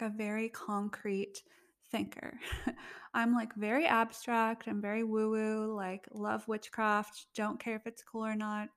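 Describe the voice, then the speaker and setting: Chatty young woman podcaster, bit high. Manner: chatty, heavy use of "like", laughs often. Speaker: podcast host. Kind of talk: casual solo podcast chat.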